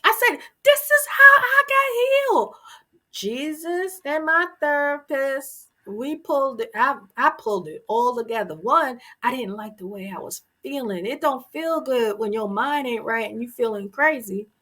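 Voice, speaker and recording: A woman hosting a motivational talk, speaking earnestly and emphatically to her viewers, with sudden loud, emotional bursts. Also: fairly high pitch, moderate pace, hardly any pauses. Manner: preachy and earnest, talks straight to the viewer. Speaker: host.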